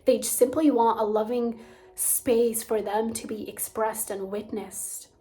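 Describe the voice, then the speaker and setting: A young woman hosting a gentle teaching talk on emotional healing, soft-spoken and slipping into near whispers. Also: fairly high pitch, fairly even intonation, unhurried. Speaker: spiritual coach and channel host.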